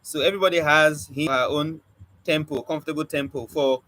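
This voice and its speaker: Animated man teaching poetry. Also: fairly high pitch, low-quality recording. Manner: animated teacher, asks the class questions and drills points by repeating them; speaks with a stammer, quick bursts. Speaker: spoken word poetry teacher. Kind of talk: live online class lecture.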